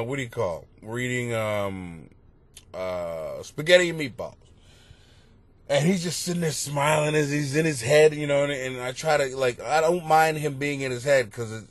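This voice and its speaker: A middle-aged male comedian telling rambling, profane stories on his podcast, bursting into loud exclamations. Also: mid-range voice, animated, normal speed, dry recording. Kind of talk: comedic storytelling monologue. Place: basement at home.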